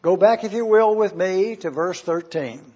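A man preaching an expository sermon, slowly explaining Greek words and spelling them out letter by letter. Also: sits high, dark tone, husky. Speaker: pastor teaching Bible Greek. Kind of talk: expository Bible teaching. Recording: dull lo-fi recording.

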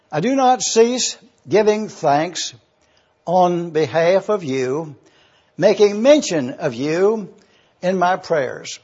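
A pastor giving a slow, deliberate expository sermon, stopping to spell out Greek words letter by letter. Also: male voice, high voice, a little mellow, slightly rough, muffled recording.

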